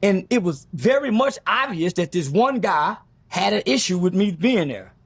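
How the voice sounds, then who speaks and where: Gravelly, high-voiced man telling a story. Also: animated, no room sound. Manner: blunt, profane, rapid recounting with acted-out quotes. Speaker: interview guest telling a story. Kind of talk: animated storytelling in a sit-down interview.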